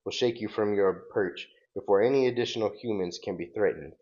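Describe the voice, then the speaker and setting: A man's voice: fairly low pitch, brisk, darkish tone, dull audio, close to an everyday voice. A man reading as a stern cosmic hero. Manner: formal, solemn delivery.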